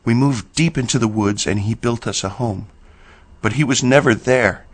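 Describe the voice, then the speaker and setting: A man's voice: mid-range voice, normal speed, natural voice. A man voicing a frightened, grieving teenage ghost girl with a Southern accent, tearful and pleading. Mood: mournful.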